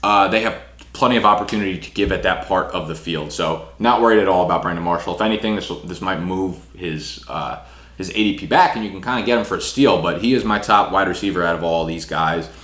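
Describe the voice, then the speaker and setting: A man's voice: low voice, fairly bright tone. A young man breaking down fantasy football rankings in a casual, talky way, full of "you know" and "right". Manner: fast casual delivery with fillers like "you know". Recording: echoey room.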